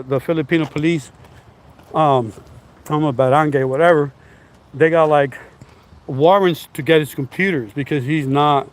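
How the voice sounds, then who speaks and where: Blunt, rambling man vlogging outdoors. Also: fairly high pitch. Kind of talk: casual commentary.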